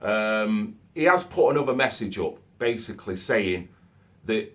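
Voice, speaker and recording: A man's voice: on the low side, animated, moderate pace, a bit bright. A man, talking in a loose, conversational monologue and adding "okay?" and "so to speak" as he goes. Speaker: vlogger. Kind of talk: casual monologue to camera.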